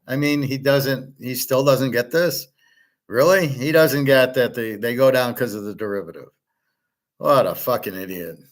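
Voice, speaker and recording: A man's voice: medium pitch, moderate pace. A man hosting a reaction commentary, talking in a scornful, blunt and profane way. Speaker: host reacting to a clip.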